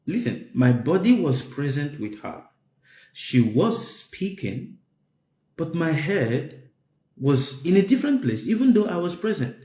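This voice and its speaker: A man giving a spiritual talk to listeners, emphatic and repeating his phrases, his voice climbing high to stress a point. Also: mellow. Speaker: spiritual teacher. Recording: roomy echo.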